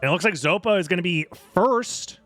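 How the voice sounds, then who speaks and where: A young man casually commentating a live video game tournament in a rambling, jokey, excitable way. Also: sits high, fairly quick, soft background music.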